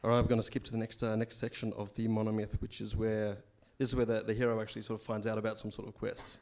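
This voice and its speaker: A man hosting a casual stage interview, asking quick questions and tossing in jokes. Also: lowish voice, completely flat delivery, a little mellow. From Australia. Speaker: interviewer host.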